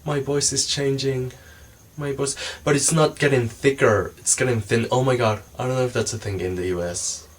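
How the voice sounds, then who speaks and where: A man's voice: mid-range voice, steady tone, normal speed, low-quality recording. A man talking casually to camera in a meandering, self-mocking way, losing his thread and filling gaps with ums. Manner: meandering, forgetful, self-mocking, many fillers. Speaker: vlogger. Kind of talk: casual rambling monologue.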